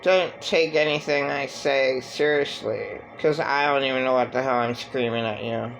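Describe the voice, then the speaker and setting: Volatile self-loathing man, quoted by a man, gravelly voice, blurted self-insults, soft music behind. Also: mid-range voice, moderate pace, poor audio.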